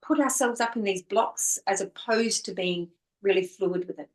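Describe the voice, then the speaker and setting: A woman's voice: medium pitch, normal speed, a little mellow, roomy sound, rough recording. A woman author speaking as an interview guest, earnest and flowing, often stringing words into lists. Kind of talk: reflective conversational interview.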